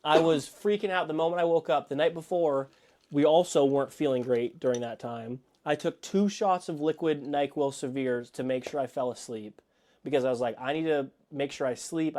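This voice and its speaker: A man co-hosting a podcast, telling an excited, rambling story in casual chat from a home studio. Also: mid-range voice. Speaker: podcast co-host.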